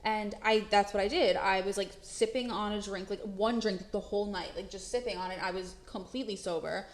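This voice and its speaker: A young woman tells a story on a casual podcast. She is animated, laughs often, swears freely and acts out every quote. Her mid-pitched voice carries a roomy echo. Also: a little fast. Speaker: podcast co-host.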